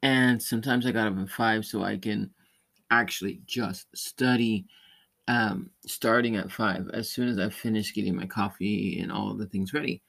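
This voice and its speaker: A man's voice: fairly low pitch, fairly even intonation, normal speed, vocal fry, fairly bright tone. A man hosting a podcast, telling a rambling story in casual chat, with many restarts and light laughs. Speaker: podcast host; parent or caregiver.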